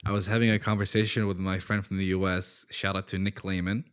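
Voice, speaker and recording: A man's voice: low voice, little pitch movement, fast talker, clean tone. A young man co-hosting a casual podcast chat, easygoing and jokey. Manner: easygoing, jokey, agrees along. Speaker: podcast co-host.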